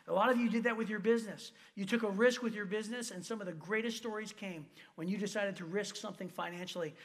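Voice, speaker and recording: Man, pastor, from Michigan, high voice, lively sermon storytelling, quoted asides.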